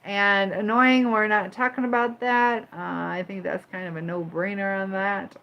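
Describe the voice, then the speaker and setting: A woman's voice: mid-range voice, steady tone, moderate pace, creaky, fairly bright tone, highs cut off. A woman from Michigan and Indiana hosting a casual livestream, chatting with viewers, greeting them by name and firmly moderating the chat. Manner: firm when moderating the chat. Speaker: livestream host.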